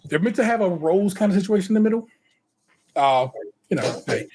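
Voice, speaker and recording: A man's voice: high-pitched, lively intonation, brisk, darkish tone, slight background noise. A man co-hosting a podcast, running through notes in casual, slang-heavy banter and laughing often. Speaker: podcast co-host. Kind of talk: casual chat.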